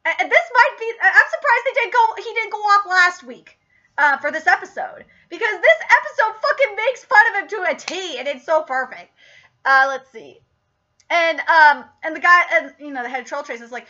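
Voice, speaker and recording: A woman in her late twenties giving a casual, profane, excitable TV episode review and laughing often. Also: extremely high pitch, moderate pace. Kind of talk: casual video review commentary. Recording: slightly muffled lo-fi recording.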